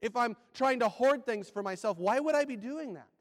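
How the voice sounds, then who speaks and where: A man preaching a sermon, firing rhetorical questions and swinging between loud and hushed delivery. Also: extremely high pitch, animated, moderate pace, in a large hall.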